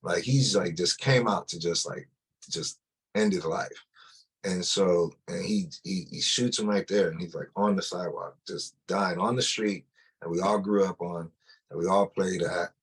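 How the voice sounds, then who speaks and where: A man's voice: deep voice, steady tone, moderate pace, husky. A man telling his personal testimony in a loose, conversational way, often restarting and filling with "like". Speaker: testimony speaker.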